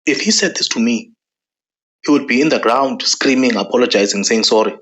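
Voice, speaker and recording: Forceful man, lo-fi. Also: mid-range voice, brisk. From South Africa. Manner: forceful, repeats lines for emphasis. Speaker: political commentator. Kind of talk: angry monologue to camera.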